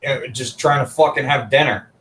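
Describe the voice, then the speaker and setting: A man's voice: mid-range voice, normal speed, a bit bright, slight background noise. A man in a casual podcast chat, making dry, laid-back jokes.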